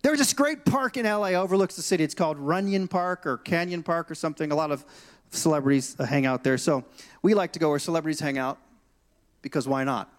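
A man's voice: on the high side, fast. A male pastor preaching in a storytelling style, acting out dialogue from his anecdotes. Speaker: senior pastor. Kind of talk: storytelling sermon. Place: church stage.

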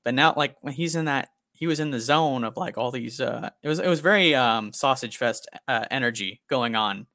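A young man co-hosting a casual podcast, ranting and swearing in an animated way. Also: medium pitch, normal speed, hardly any pauses, no room sound, clean studio sound. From America. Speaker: podcast co-host.

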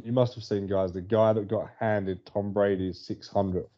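Chatty man with a mellow voice. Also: on the low side, steady tone, moderate pace. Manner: chatty storyteller, laughs often. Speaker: podcast co-host. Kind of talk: casual sports chat. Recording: dull lo-fi audio.

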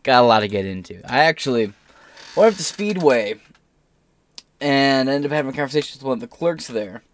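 A man hosting his own podcast, telling a story casually and getting loud and animated when he quotes people. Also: mid-range voice, fast, a little hiss or hum. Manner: animated storytelling, swearing, voice rising when quoting. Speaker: podcast host.

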